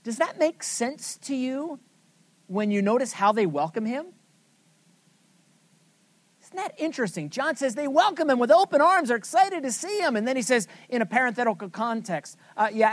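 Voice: medium pitch, expressive, moderate pace, no room sound. A Bible study teacher leading a scripture lesson, asking the group questions and then answering them with emphasis.

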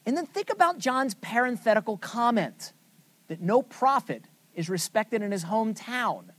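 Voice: medium pitch, big pitch swings, measured pace, dry recording. A Bible study teacher leading a scripture lesson, asking the group questions and then answering them with emphasis.

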